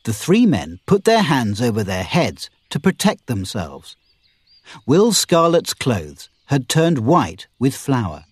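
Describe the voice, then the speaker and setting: A man narrates a storybook with expressive, scripted delivery. His voice is husky and moves up and down a lot in pitch. The sound is dry and close to the mic. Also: takes it slowly, no echo. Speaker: audiobook narrator.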